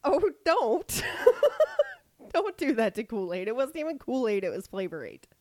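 Woman, podcast co-host, playful banter, animated pitch, dry sound. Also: fairly quick, dry recording. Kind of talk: casual chat.

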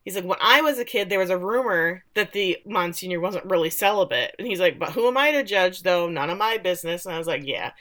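Middle-aged woman, co-host, bright tone; animated casual recap. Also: lowish voice, brisk, few pauses. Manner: animated storytelling, acts out quotes with laughs. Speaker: podcast co-host recapping a show.

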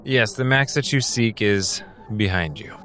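A man's voice: lowish voice, measured pace, fairly bright tone. A man narrating a tabletop role-playing game as game master, with playful salesman patter. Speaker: game master voicing shopkeepers.

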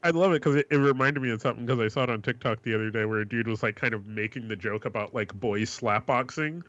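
A man's voice: mid-range voice, fast, fairly bright tone, dull audio. A man co-hosting a podcast, retelling a video in casual chat, jumping into exaggerated voices as he quotes people. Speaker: podcast co-host.

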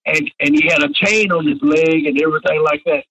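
Older guy rambling through old stories, kinda high husky voice, muffled radio sound. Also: steady tone, brisk, fairly bright tone. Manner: rambling, repeats "and stuff like that". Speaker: retired pro wrestler, interview guest. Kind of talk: anecdotal storytelling.

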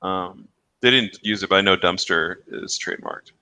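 A man's voice: low-pitched, moderate pace, bright, forceful tone. A man co-hosting a podcast, chatting casually, rambling and swearing, laughing at his own jokes. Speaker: podcast co-host. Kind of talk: casual banter.

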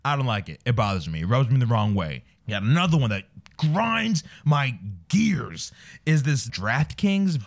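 A man performing a comedic rant and then chatting as a guest, exasperated and animated. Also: mid-range voice, moderate pace, gravelly. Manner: exasperated, animated, voices quotes. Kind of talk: comedic rant and casual chat.

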